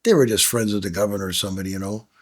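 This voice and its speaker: A man's voice: lowish voice, very fast. A man, a former prosecutor, earnestly recalling a disturbing memory in casual conversation. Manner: earnest, emotional recollection. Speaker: former prosecutor, podcast guest.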